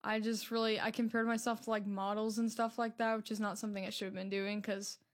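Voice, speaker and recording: A teenage girl living in a youth program, answering interview questions softly and hesitantly with many fillers. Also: mid-range voice, little pitch movement, fast. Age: teens. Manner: soft-spoken, hesitant, many "um" and "like". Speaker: program resident.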